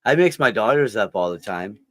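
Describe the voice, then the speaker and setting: A man's voice: on the low side, lively intonation, fairly quick, fairly bright tone, no echo. A middle-aged man co-hosting a podcast, chatting casually and teasing with lots of laughter over a home video-call mic. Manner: joking, laughs a lot, teasing. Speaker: podcast co-host. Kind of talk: casual chat over a watch-along.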